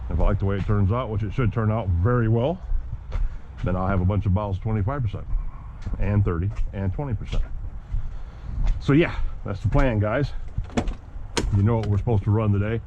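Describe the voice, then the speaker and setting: A man's voice: on the low side, brisk, pauses often. Chatty man packing up for an outing. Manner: chatty, jokey, talks to viewers as guys and boys. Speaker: RC hobby vlogger. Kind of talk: casual vlog chat to camera while packing gear. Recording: dull lo-fi audio with clear background noise.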